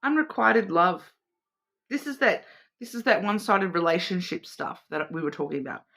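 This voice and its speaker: Bright-voiced woman reading oracle cards. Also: fairly low pitch, normal speed, creaky. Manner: rambling, hesitant, repeats and restarts words. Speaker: tarot and oracle card reader. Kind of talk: casual intuitive card reading.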